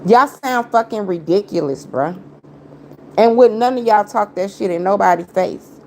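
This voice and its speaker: A woman's voice: mid-range voice, expressive, moderate pace, a little hiss or hum. A woman livestreaming an angry rant at her critics, confrontational and taunting, repeating her jabs in heavy slang. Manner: heavy slang, talks straight at viewers.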